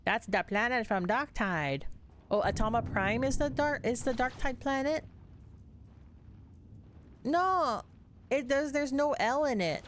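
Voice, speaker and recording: A woman's voice: high voice, expressive, a little slow, pauses often, a little hiss or hum. A woman streamer chatting casually with her viewers while playing a game, chatty and giggly. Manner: chatty, giggly, talks to chat. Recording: game music behind.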